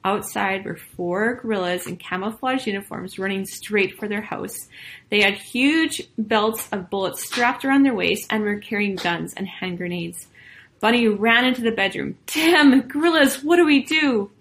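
A woman reading a children's story aloud as storyteller, expressive and lively. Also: mid-range voice, normal speed, a little hiss or hum, low-quality recording.

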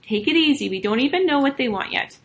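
A woman voicing a calm, faithful male missionary in a storybook reading, steady and reassuring. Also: sits high, quick pace, pitched above the performer's own voice.

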